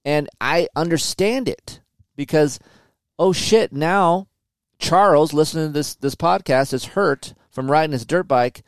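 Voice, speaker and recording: A man's voice: fairly high pitch, a little slow, smooth, no echo, studio quality. A middle-aged man hosting a podcast, talking candidly and with plenty of profanity about family pressures. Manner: candid, profane, animated storytelling. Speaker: podcast host. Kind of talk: casual chat.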